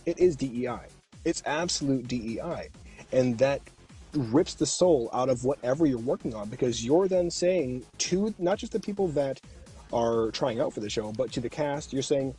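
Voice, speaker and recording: A man's voice: medium pitch, animated, moderate pace, dark tone, breathy edge, faint music behind. A middle-aged man, a voice actor guesting on a podcast, speaks emphatically and with passion in a heated discussion. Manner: emphatic, impassioned.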